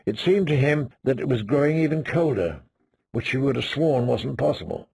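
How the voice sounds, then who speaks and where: A man narrating an audiobook in a slow, measured reading. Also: medium pitch, expressive, vocal fry, mellow, breathy edge, no room sound, clean studio sound. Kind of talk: scripted narration.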